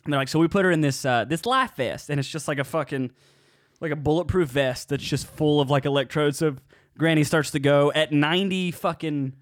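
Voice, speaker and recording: Young man, fairly high voice, podcast co-host, profane, laughing storyteller, casual chat. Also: a little fast. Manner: loose, profane, laughing often while telling stories. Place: home podcast setup, drinking during the show.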